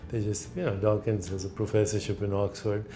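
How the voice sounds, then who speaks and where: An older man with an Indian accent, speaking in a measured, reflective way as a guest, slowing down on key words and telling anecdotes. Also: lowish voice, little pitch movement, a crowd in the background. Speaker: guest, spiritual author.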